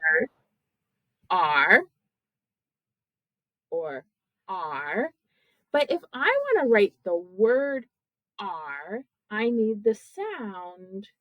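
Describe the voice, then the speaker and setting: A woman teaching kindergarten children, sounding out words slowly syllable by syllable in a patient, encouraging way. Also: fairly high pitch, no echo, muffled recording.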